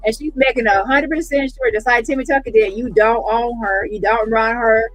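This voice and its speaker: A woman giving casual online commentary in a sarcastic, mocking and animated way. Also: on the high side, normal speed, faint music behind, low-quality recording.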